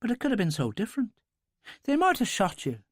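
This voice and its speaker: A man voicing a quick-witted young woman with a wry, playful way of talking. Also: high-pitched, huge pitch swings, no echo, clean studio sound, pitched above the performer's own voice, heavily acted. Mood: worried.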